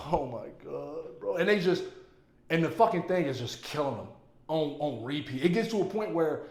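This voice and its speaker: A man giving casual, emphatic movie commentary, excitable and full of profanity. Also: on the high side. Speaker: movie reviewer. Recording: roomy echo.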